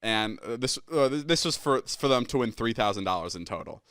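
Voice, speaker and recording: A man's voice: medium pitch, expressive, a little fast, fairly bright tone, clear, resonant tone, no echo, studio quality. A man in his twenties hosting a podcast, telling a story casually with lots of swearing and fillers. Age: 20s. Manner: rambling, heavy swearing, many fillers. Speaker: podcast host.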